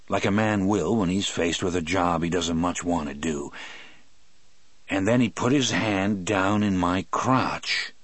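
A man reading a novel aloud in the first person, expressive and shifting between slow and quick delivery. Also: deep voice, slightly rough, no room sound. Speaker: audiobook narrator.

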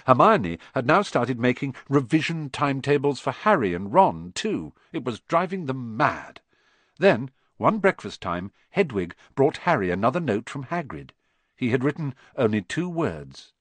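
Narrating an audiobook, a man tells the story expressively at a moderate pace. His pitch is medium, and there's no room sound.

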